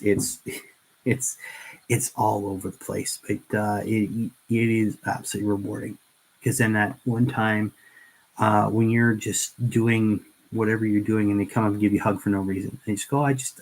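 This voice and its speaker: A man's voice: on the low side, flat delivery, moderate pace, low-quality recording. A middle-aged man hosting a casual livestream while painting miniatures, rambling and earnest with frequent restarts.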